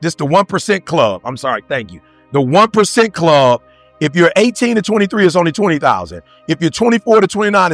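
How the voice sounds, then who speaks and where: A man with a high, bright-edged voice delivers a motivational talk, recorded dry and close with faint music behind him. He speaks in casual street slang and fires rhetorical questions straight at the crowd. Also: no echo. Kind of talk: motivational talk to a live audience.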